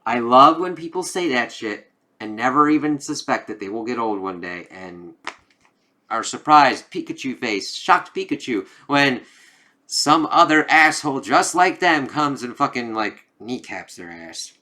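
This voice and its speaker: A man's voice: medium pitch, animated, a little slow, bright, forceful tone. A man casually talking through a comic book review, rambling and swearing freely as he retells the story. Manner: profane, rambling retelling full of fillers.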